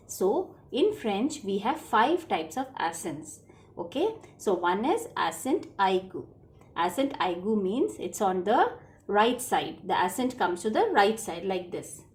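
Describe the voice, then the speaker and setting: A woman, teaching French to children in a patient lesson, repeating each word. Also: mid-range voice.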